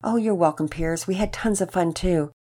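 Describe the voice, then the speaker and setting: A woman's voice: fairly low pitch, normal speed, dark tone, natural voice. A woman voicing a cheerful motherly woman cooking breakfast, speaking in a bubbly, exclaiming way.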